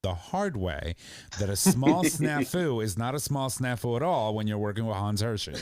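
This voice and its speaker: A man's voice: mid-range voice, lively intonation, normal speed, a little mellow, no echo. A man hosting a podcast, asking questions and summing things up in a wry way. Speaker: podcast host. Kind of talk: casual interview chat.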